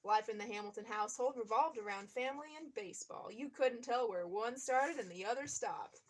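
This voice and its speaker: A woman with a somewhat high voice reads a memoir aloud at an even, steady pace. She now and then breaks off to react to the text in a casual, chatty way before going back to reading. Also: fairly quick. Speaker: reader.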